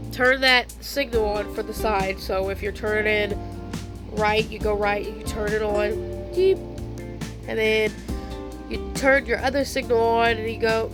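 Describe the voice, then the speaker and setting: A young woman telling a casual storytime vlog, chatty and slangy, laughing often. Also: fairly high pitch. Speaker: vlogger. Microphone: phone.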